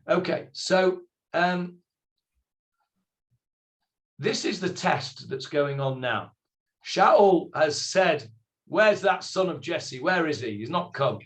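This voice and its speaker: A man teaching a Bible study class, explaining slowly, quoting the figures in character and asking his students questions. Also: a little high.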